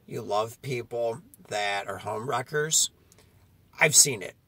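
Gravelly, confrontational male preacher. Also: medium pitch, takes it slowly, sharp tone, no echo. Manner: confrontational, repeats "okay?" often. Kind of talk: street-style sermon.

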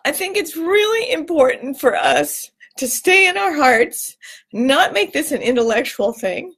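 Woman vlogger, high voice, slow and heartfelt, close to tears. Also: expressive, a bit bright. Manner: emotional, earnest, swings up into tearful high pitch. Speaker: vlog host giving a weekly tip. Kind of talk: heartfelt casual talk to camera.

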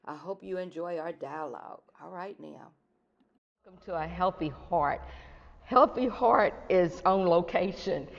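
An older woman with a lowish voice hosts a faith-centered chat and pours out praise in an effusive, exclaiming way. Her voice comes through a muffled, echoey video call with a long reverberant tail. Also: a little slow, creaky. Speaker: host.

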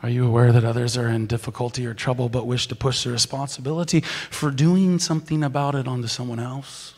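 A man preaching a sermon as pastor, animated, swinging from loud exclaiming to soft whispers. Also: mid-range voice, brisk. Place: large church sanctuary. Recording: long hall reverb.

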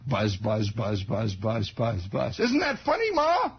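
A man voicing an excitable eight-year-old boy who stammers and repeats himself in a shrill voice. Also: a little slow, gravelly, breathy edge, full character voice. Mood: excited. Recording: dull old radio broadcast.

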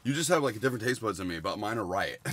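Brief: twenties male streamer, lowish pitch, crude rambling food-review chatter, sudden excited spikes. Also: fast talker, noisy background. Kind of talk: casual livestream food review.

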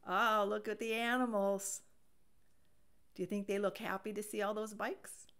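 A woman reading a children's picture book aloud, animated and expressive. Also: medium pitch, moderate pace, clear, resonant tone. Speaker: storybook reader.

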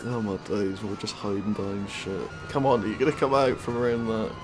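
A man's voice: fairly low pitch, brisk, over music. A young British man taunting another player in online game voice chat, laughing often and swearing casually. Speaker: YouTube gaming creator. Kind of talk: teasing gaming voice chat.

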